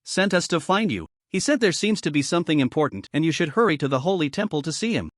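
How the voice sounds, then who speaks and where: A man's voice: a little high, lively intonation, fast, dry recording, studio quality, close to an everyday voice. Eager young apprentice swordsman, as a man reads him. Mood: urgent.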